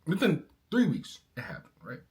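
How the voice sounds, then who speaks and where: A man's voice: on the high side, wildly swooping pitch, normal speed, a little mellow. A man in a casual vlog, ranting angrily and talking in slang, calling his listener bro. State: angry. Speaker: car owner vlogger.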